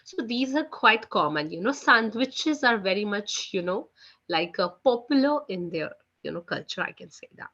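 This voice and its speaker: A woman runs a live online French class in a bright, forward, mid-range voice with a sing-song lilt at a moderate pace. She chats loosely, relying on "you know" and "guys," and the call audio is dull and lo-fi.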